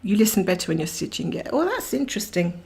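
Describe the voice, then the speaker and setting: A woman's voice: medium pitch, big pitch swings, fast talker, vocal fry, darkish tone, breathy edge. A woman hosting a cross-stitch livestream, chatting casually and rambling while she greets viewers by name and laughs often.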